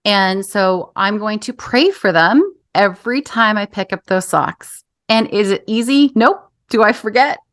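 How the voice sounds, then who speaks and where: A woman's voice: medium pitch, no echo, studio quality. A woman in her thirties hosting an interview, telling a personal story in an earnest, conversational way. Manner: earnest storytelling, acts out quoted voices. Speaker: podcast host.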